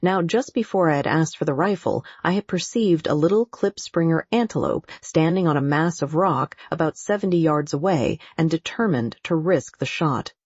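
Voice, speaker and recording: A woman narrating an audiobook in a measured, deliberate way. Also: low-pitched, lively intonation, a little mellow, breathy edge, dry recording. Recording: dull, muffled audio.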